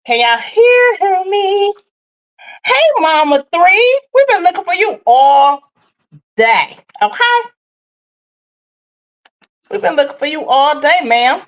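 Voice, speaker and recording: Woman live-stream host, slightly out of breath, bouncy pitch, unhurried chatty delivery. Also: poor audio. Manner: chatty, reads and answers viewer comments. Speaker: livestream host chatting with viewers. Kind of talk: casual live chat.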